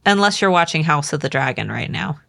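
A woman's voice: deep voice, fairly quick, vocal fry. Playful teasing woman podcaster. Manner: playful, teasing, animated when retelling. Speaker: podcast co-host. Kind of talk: casual book discussion chat.

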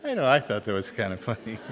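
An older man, a priest, giving a relaxed, joking talk to an audience. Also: lowish voice, background noise. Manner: relaxed, joking, chuckles at his own jokes. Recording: long hall reverb.

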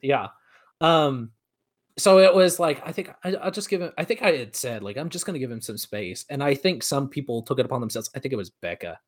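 A young man reminiscing in relaxed conversation. His voice sits at a middling pitch. He often stops, repeats himself and lets his phrases fade. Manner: halting, restarts often, trails off softly. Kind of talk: casual chat.

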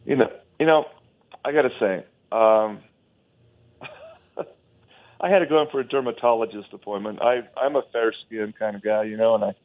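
A man's voice: on the low side, normal speed, pauses often. A man talking emphatically and scornfully as a guest on a talk show, often restarting his sentences, heard over a phone line.

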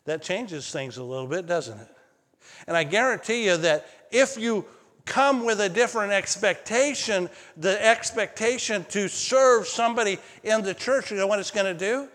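Male pastor, fairly high voice, lively sermon, church hall reverb. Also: moderate pace. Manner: animated storytelling, rises high when excited. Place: church sanctuary.

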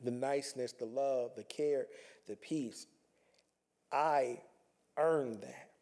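A man's voice: mid-range voice, slow, darkish tone. A man talking earnestly in a reflective personal monologue, conversational and repeating himself as he works through his thoughts.

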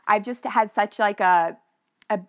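A young woman on a podcast speaks unhurriedly in a mid-range voice, sharing a personal running story. She's emotional and heartfelt, often using fillers like "like" and "you know."

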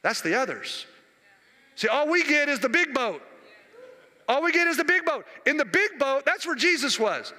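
A male preacher with a very high, piercing voice, driving his sermon with repetition and questions to the crowd. The sound carries a long reverb, as in a large hall. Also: very animated, normal speed, sharp tone. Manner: emphatic and repetitive, with rhetorical questions to the congregation.

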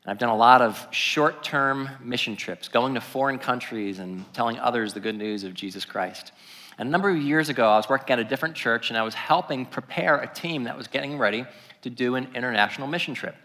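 Pastor preaching in a reverberant hall. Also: male voice, mid-range voice, fairly quick. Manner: storytelling, animated and conversational. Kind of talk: sermon.

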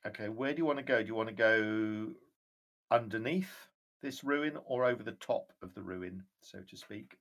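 A man running a tabletop game as game master, narrating the scene in a measured, descriptive way with occasional fillers. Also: lowish voice, a bit bright.

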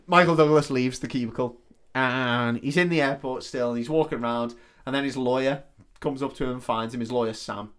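A man's voice: medium pitch, fairly quick, a bit bright, a little hiss or hum. A man, co-hosting a podcast, casually retelling a film plot with lots of swearing. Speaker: podcast co-host. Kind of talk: casual storytelling chat.

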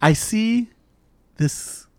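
Animated man telling a spooky story. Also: sits high, very slow, clear, resonant tone, dry recording. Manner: animated storytelling, swearing, mixes in Spanish. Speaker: storyteller guest. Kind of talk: casual chat.

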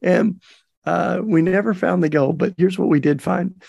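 A middle-aged podcast host tells a story in a chatty, folksy monologue full of fillers. His voice sits high, creaky and slightly rough with a darkish tone, at a moderate pace. The audio is dull, with no echo.

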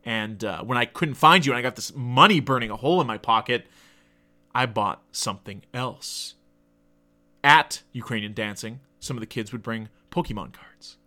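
Guy in his 30s rambling thru an old story, swears a lot, keeps digressing, bright edgy voice. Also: mid-range voice, moderate pace. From Canada. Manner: profane, digressive, self-deprecating. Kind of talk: casual rambling anecdote.

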